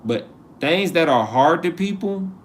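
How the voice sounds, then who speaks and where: A man's voice: on the high side, expressive, a little slow, slight background noise. A man hosting a casual live stream, joking with his viewers and laughing at himself as he talks. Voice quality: laid-back and joking, talks to chat. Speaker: livestream host.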